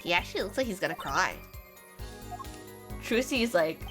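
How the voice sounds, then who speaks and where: A woman's voice: fairly low pitch, lively intonation, moderate pace, long pauses. A woman streaming a game, reacting with blunt, sarcastic commentary and frequent laughter. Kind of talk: casual gameplay commentary. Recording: game music behind.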